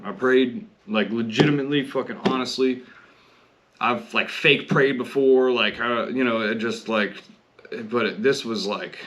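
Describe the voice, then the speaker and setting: A man's voice: medium pitch, unhurried, a bit bright, a little hiss or hum. A man hosting a podcast, telling his own story bluntly and candidly, with heavy swearing. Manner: blunt, heavily profane, candid. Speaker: podcast host. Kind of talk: personal storytelling monologue.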